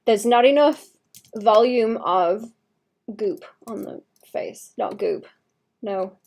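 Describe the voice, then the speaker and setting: A woman's voice: mid-range voice, expressive, slow pace, gravelly, a little mellow. A young adult woman giving casual livestream commentary while she paints, thinking aloud, trailing off and restarting sentences, with occasional muttered asides. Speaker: streamer painting live.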